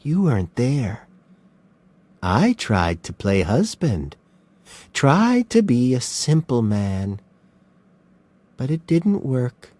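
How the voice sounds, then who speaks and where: A man voicing a calm, smug male serial killer who speaks softly and slowly. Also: mid-range voice, no echo, pitched above the performer's own voice. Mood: menacing. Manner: soft, slow, mocking calm.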